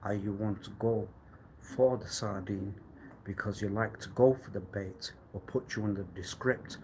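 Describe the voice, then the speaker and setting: A man talking alone on a live stream in a rambling, cryptic monologue, swinging between low mutters and sudden loud bursts. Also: steady tone, moderate pace, slight background noise.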